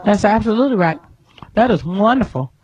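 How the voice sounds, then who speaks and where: A woman hosting a radio talk show, bantering and laughing loudly with her co-hosts in a studio. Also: mid-range voice, sing-song, fairly quick, slightly rough, highs cut off. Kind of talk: loud, joking radio talk.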